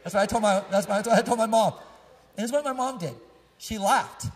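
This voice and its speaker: A man's voice: sits high, fairly quick. A male pastor preaching a sermon through casual, joking personal stories, often laughing as he tells them. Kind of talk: storytelling sermon. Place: church sanctuary. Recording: long echo of a church hall.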